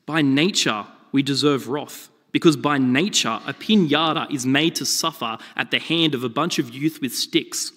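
A man preaching a sermon, telling stories with lively, shifting emphasis. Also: mid-range voice, normal speed, hardly any pauses. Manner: animated storytelling with shifting emphasis. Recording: long reverb of a hall.

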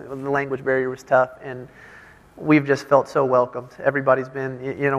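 A young man from Texas with a Southern American accent, a guest answering interview questions in a friendly, relaxed way. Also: mid-range voice, highs cut off. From Houston, Texas. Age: young adult. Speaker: guest basketball player. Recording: long hall reverb.

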